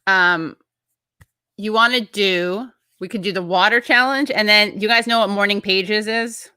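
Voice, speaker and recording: Bright, chatty woman hosting a show. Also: mid-range voice, a little slow, smooth, dry recording, clean studio sound. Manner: chatty, rambling, breaks off mid-thought. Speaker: show host. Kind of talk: casual livestream chat, reading viewer comments.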